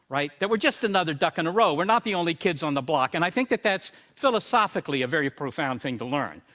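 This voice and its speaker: A man's voice: high-pitched, sharp tone. A man giving a prepared talk in an emphatic way, often checking in with his listeners. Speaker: speaker.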